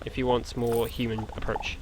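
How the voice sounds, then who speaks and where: A man's voice: mid-range voice, monotone, normal speed, background noise. A young man chatting casually while streaming a game, rambling and hesitant with frequent ums. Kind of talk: casual chat while gaming. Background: game music.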